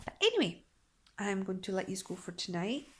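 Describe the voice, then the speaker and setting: Young woman chatting in a daily vlog, rambly, mid pitch, lots of restarts. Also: sing-song, fairly quick, a bit bright. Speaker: vlogger. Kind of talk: casual daily vlog chat.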